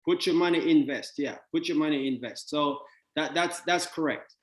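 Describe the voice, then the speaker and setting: A man's voice: fairly high pitch, normal speed, echoey room. A man giving a motivational talk on money, playful with wordplay and laughs, then blunt and dismissive.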